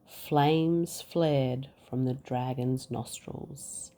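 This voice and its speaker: A woman reads a bedtime story aloud to her children, slow and expressive. Her voice is low and mellow with a lively, swooping melody and a husky edge. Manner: expressive, acts out sound effects. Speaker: mother reading to her children.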